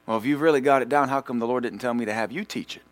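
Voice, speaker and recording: A man's voice: medium pitch, racing, no echo. A man preaching a sermon as pastor in a church, emphatic and teasing, building points with rhythmic repetition.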